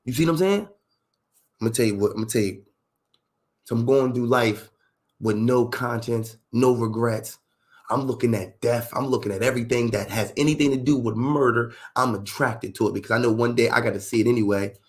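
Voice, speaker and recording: A man's voice: medium pitch, a little fast. A middle-aged man in a candid storytelling talk, emphatic and profane, full of street slang and asking "you see what I'm saying".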